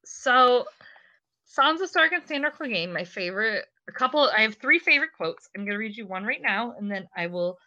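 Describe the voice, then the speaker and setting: A woman's voice: medium pitch, fairly quick, few pauses, sharp tone, muffled recording. A tipsy woman co-hosting a casual podcast chat, gushing and laughing often as she talks. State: tipsy from drinking. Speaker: podcast co-host.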